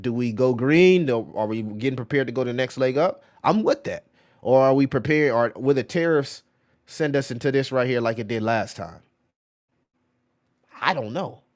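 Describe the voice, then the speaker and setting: A man's voice: mid-range voice, moderate pace. Rambling crypto livestreamer man, chatty. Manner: rambling, slangy, says "bro" and "right?" often; reads out and answers viewer chat. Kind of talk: casual live-stream commentary.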